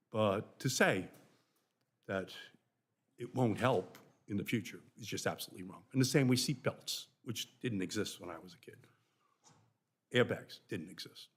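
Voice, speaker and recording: An older man from Massachusetts with a Boston accent, a senator making impassioned committee remarks in a hearing room, swinging from loud emphatic bursts to near-whispers. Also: on the low side, animated, normal speed, breathy edge.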